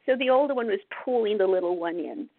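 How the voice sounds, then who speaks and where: A woman's voice: medium pitch, lively intonation, fast talker, dry recording. A woman, an author being interviewed, telling a personal story in an earnest, heartfelt way. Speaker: guest author. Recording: tinny phone-like line.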